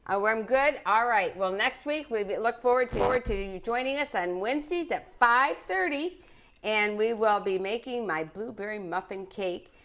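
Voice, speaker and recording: A middle-aged cooking show host speaks in a slightly high voice with a fairly bright tone and a moderate pace. She's running a live, casual home cooking program from her living room and chatting cheerfully with children and viewers.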